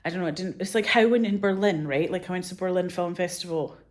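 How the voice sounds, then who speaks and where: A woman in her forties talks in an animated, candid way as a filmmaker in a casual interview. Her voice sits a little low. She swears freely, strings thoughts together with "like", and slips into quoted voices as she tells her stories. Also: quick pace. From Scotland. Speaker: filmmaker guest.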